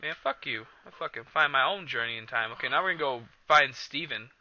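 A man commentating a video game in a loud, profane, excitable way, recorded on a cheap computer mic. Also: medium pitch, quick pace, muffled recording. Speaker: let's play host. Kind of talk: casual gameplay commentary.

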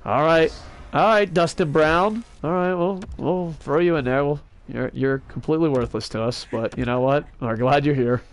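Talking at a normal pace in a slightly high voice, a man hosts a casual gaming video. He's excitable, jumping between jokes, sarcastic rants and swearing as he chats with a friend who's off-mic.

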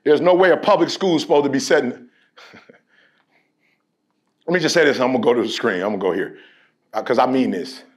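A motivational speaker giving a fiery talk to a team, telling stories in casual slang and leading call-and-response with shouts and repeated phrases. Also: male voice, mid-range voice, fast, long pauses. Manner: storytelling in casual slang, acts out dialogue.

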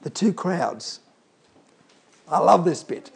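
A man's voice: on the high side, animated, slow pace, gravelly, breathy edge. A man preaching a sermon, emphatic and calling out to the congregation.

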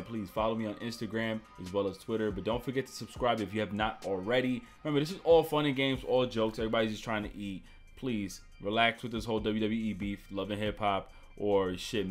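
A man hosting a reaction video, commenting in a loose, joking way with plenty of swearing. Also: fairly low pitch. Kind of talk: casual commentary.

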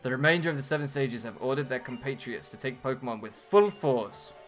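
Brief: stern older villain sage, voiced by a British man, low-key and cold. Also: animated, a little fast, faint music behind, lightly acted. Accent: British English.

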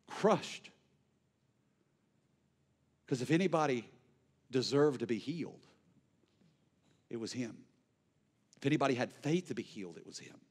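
A male pastor delivering an impassioned sermon, swinging between near-shouted peaks and hushed, quiet lows.

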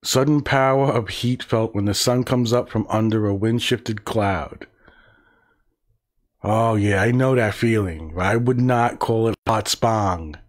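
Slow, low-voiced profane livestream host. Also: male voice. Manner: profane, sarcastic, muttering asides. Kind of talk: casual livestream reading and commentary.

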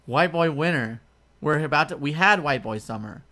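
A man's voice: a little high, animated, normal speed, bright, forceful tone. Teasing male podcast co-host. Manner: teasing, jokey, mock-insulting. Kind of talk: casual chat.

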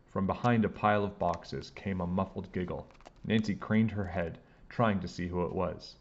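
A man reading a children's book aloud with expressive delivery. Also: low-pitched, moderate pace, creaky, muffled recording. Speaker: storybook reader.

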